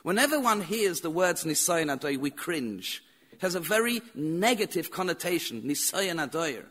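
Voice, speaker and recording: A man's voice: fairly high pitch, very animated, moderate pace, sharp tone. A man teaching a Torah lecture as a rabbi, telling stories with repeated phrases and rhetorical questions.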